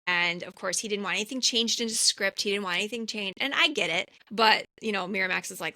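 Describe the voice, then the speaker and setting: A woman's voice: mid-range voice, fast, hardly any pauses, no echo. A woman co-hosting a film rewatch podcast, animatedly recapping the movie in casual chat. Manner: animated storyteller, chatty. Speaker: podcast co-host.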